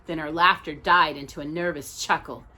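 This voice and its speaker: A woman reading a storybook aloud as the storyteller, expressive and animated. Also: low-pitched, moderate pace.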